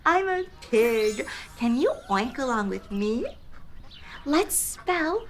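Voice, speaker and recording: A young woman hosts a toddler learning show, her high voice swinging widely in pitch as she speaks extremely slowly in a sing-song way. Playful and exaggerated, she spells words letter by letter, makes animal sounds, and laughs and gasps, with slight background noise.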